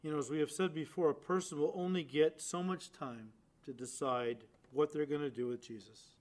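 A man preaching a sermon, stressing phrases loudly and dropping to quiet, low endings, turning to the listeners and acting out quoted lines. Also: steady tone, moderate pace. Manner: addresses listeners directly, acts out quoted lines.

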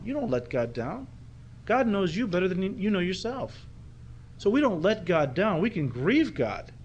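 Guy preaching, pretty high voice, chatty, acts out the quotes, faint hiss behind. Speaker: pastor. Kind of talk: expository sermon.

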